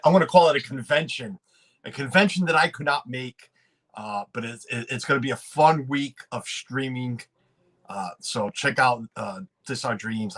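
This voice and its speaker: A man talks loosely to his livestream audience, greeting viewers by name. He rambles, restarts his sentences and laughs often. His voice sits in a middle pitch. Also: a bit bright. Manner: rambling, self-interrupting, quick to laugh. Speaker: livestream host. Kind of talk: casual livestream chat.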